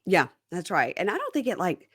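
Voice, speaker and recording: A woman's voice: lowish voice, brisk, husky. A woman hosting a casual chat, recapping a show and acting out what people said. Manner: acts out quoted lines with lively voices. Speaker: podcast host.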